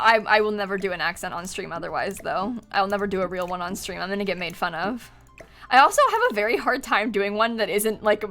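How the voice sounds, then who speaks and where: A woman's voice: mid-range voice, bright, forceful tone. A young woman chatting casually on a live stream while playing a game, giggling often and thanking viewers from chat. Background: faint music.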